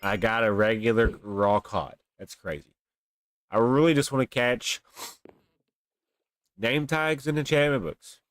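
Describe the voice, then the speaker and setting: A young man livestreaming a game speaks at a measured pace with frequent pauses, his medium-pitched voice recorded dry. Still animated, he chats with viewers and grumbles and exaggerates about his luck, using a desk mic on a webcam stream.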